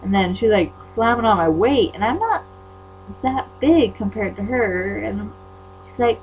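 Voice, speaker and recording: A teenage girl from Utah venting in a casual vlog, chatty and indignant, jumping into loud high-pitched bursts when she acts out quotes. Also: lively intonation, normal speed, faint music behind. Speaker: vlogger. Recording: dull lo-fi webcam audio with faint mains hum.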